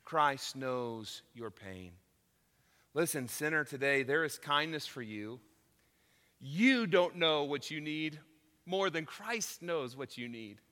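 A man preaching a sermon as pastor, emphatic, dropping to a hush and then rising loud. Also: on the high side, animated, a little slow, long reverb tail.

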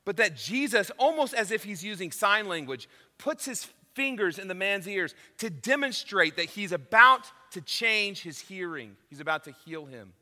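A male pastor with a high, bright, ringing voice delivers an emphatic sermon. He swings from hushed, intimate lines to loud declarations. The sound carries the long reverb of a large church hall. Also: animated, moderate pace, few pauses.

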